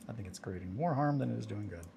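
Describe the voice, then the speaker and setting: A man's voice: fairly low pitch, animated, quick pace, creaky, background noise. A man hosting a casual hobby livestream, talking to himself and coaxing tiny parts into place as he builds miniatures. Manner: mutters and coaxes at fiddly parts, self-talking.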